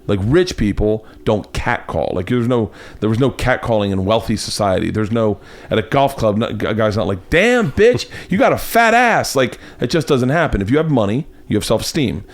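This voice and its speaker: Man, podcast host from Florida, loose animated storyteller, lowish voice. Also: a little fast, few pauses. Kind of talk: casual chat. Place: home studio.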